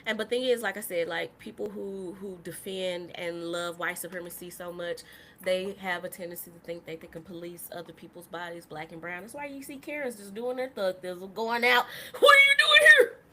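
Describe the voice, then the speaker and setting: Female podcast host, heated profane monologue, bright edgy tone, faint room hum. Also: on the low side, fairly even intonation, brisk. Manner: impassioned, profane, swings from soft to shouting. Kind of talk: live-stream monologue.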